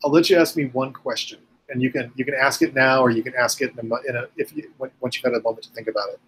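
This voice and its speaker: A man's voice: mid-range voice, steady tone, racing, a bit bright, a little hiss or hum. A man running a tabletop game as game master, rambling with many ums and uhs.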